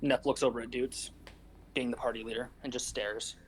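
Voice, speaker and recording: A man with an average-pitched voice describes his character's moves in a tabletop game. He speaks in a plain, matter-of-fact way. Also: flat delivery, moderate pace, a little hiss or hum. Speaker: player.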